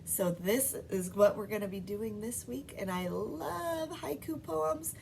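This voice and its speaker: Woman teacher reading to little kids, slow and careful, kinda high voice. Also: a little mellow, slight background noise. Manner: slow, clear teacher talk, stretching and clapping out syllables. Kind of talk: recorded remote literacy lesson for young students.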